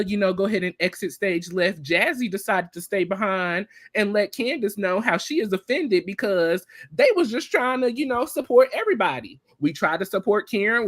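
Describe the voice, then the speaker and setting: A woman co-hosting a casual TV recap chat, retelling scenes in a chatty, animated way with lots of filler words. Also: mid-range voice, no room sound, clean studio sound. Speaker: podcast co-host.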